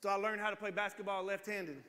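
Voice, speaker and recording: Bright-voiced pastor in his forties. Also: sits high, little pitch movement, fast talker, big-room sound. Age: 40s. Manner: humorous storytelling, acts out voices. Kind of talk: sermon. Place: church sanctuary.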